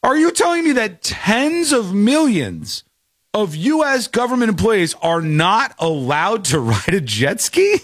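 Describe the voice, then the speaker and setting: A male co-host with a high voice that leaps up and down as he reacts in disbelief. He jokes and talks things through in a casual chat. The sound is dry and close. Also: unhurried, no echo. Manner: incredulous, animated, jokey. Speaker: podcast co-host.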